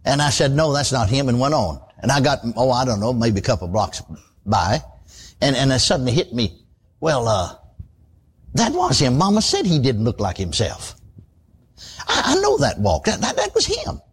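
A man's voice: mid-range voice, very animated, moderate pace, husky. An older man, preaching a sermon in a folksy, conversational storytelling way, full of asides and repeated words.

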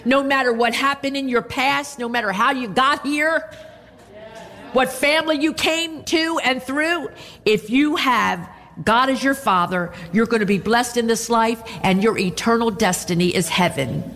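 A woman delivers a sermon from the pulpit, her voice sitting a little high. She preaches expressively and peppers her points with amens. Long reverb from the church sanctuary trails behind her words. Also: a little slow, a bit bright. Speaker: pastor.

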